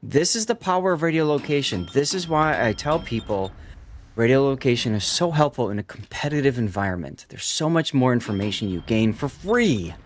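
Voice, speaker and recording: A man's voice: mid-range voice, animated, fairly quick, a little hiss or hum. A man streaming and commentating a game tournament, explaining the tactics to his viewers as he goes.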